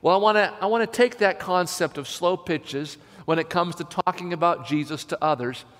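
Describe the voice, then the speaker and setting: A man preaching a sermon as a pastor, emphatic and slowing down to stress key phrases. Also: sits high, a bit bright. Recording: long hall reverb.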